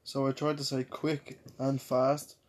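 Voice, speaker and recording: A man's voice: medium pitch, little pitch movement, unhurried. A man, co-hosting a casual chat with wry, teasing humor. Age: 20s. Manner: wry, teasing, laughs at own stories. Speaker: podcast co-host.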